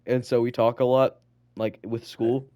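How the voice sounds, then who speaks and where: In casual chat on a student podcast, a teenage co-host rambles through school stories full of "like" and swearing. He speaks unhurriedly in a flat, medium-pitched, dark-toned voice, and the sound is lo-fi.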